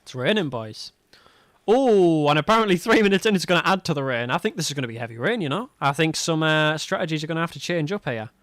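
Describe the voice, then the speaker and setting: A man from England giving live sim-racing commentary as host, excitable and quick to laugh with his co-host. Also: on the high side, dry recording. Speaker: race commentator.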